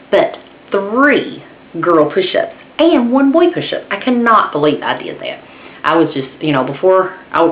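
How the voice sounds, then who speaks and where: A woman telling a funny story in a casual vlog, animated, acting out voices and laughing at herself. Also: sits low, slight background noise. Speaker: vlogger. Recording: dull roomy home video recording.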